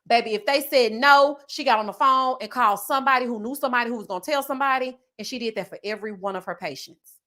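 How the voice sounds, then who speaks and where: A woman's voice: a little high, pushed and bright. A young woman from Houston, telling a personal story in a sassy, dramatic way. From Houston, Texas. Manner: sassy, dramatic, acts out quoted voices. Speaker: commentary channel host. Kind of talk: storytelling chat.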